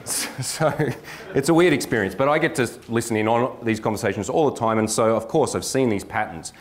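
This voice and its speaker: A middle-aged man, a dating coach, giving a lively workshop lecture with jokes and acted-out examples. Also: mid-range voice, brisk, a little hiss or hum. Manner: energetic, joking, acts out examples.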